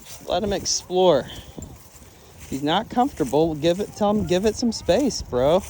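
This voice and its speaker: A man working as a dog trainer, talking casually through a training walk outdoors on a trail and breaking into high sing-song praise for the dog. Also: animated, moderate pace, warm tone, slight background noise. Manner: laid-back, chatty, laughs often. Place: outdoors on a wooded trail near a creek.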